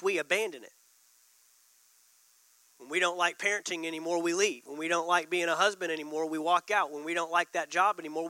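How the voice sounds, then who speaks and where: A man's voice: sits high, bright, forceful tone, no room sound, poor audio. A man preaching a sermon, building emphasis and repeating key lines. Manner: preaching with rising emphasis and repetition. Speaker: pastor.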